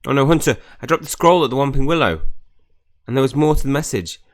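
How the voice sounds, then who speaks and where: An excitable young schoolgirl, as a man puts her on, pushing his voice up high and loud for the game scene. She fires off quick, urgent exclamations, brave and breathless. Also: natural voice. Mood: alarmed.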